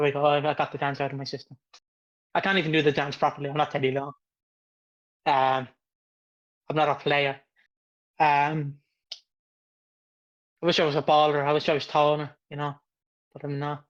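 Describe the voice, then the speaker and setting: A man in his twenties co-hosts a podcast, chatting casually at normal speed in a fairly high, fairly bright voice with little pitch movement and frequent pauses. He rambles, jokes and acts out quotes, recorded on a dull lo-fi mic.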